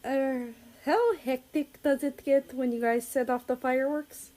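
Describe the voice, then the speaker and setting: A woman reads an eager, friendly young man from a storybook. He sounds keen and open, with a warm, slow delivery. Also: sits high, steady tone, voice pushed up.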